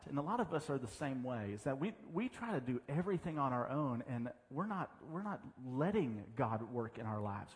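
Male pastor, sermon, playful storytelling, mid-pitched voice, long church-hall reverb. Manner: humorous storytelling, self-deprecating asides. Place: church sanctuary.

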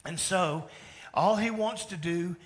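Male pastor, slightly high voice, animated conversational sermon in a church. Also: takes it slowly. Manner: animated, conversational preaching with acted-out dialogue. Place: church sanctuary.

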